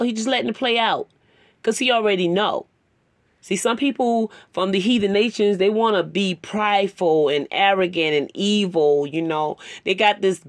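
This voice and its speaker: A woman's voice: mid-range voice, no room sound, studio quality. A woman telling a personal story in a sermon-style talk, conversational and emotional. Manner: conversational, rambling with fillers; emotional, tearing up. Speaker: Bible teacher.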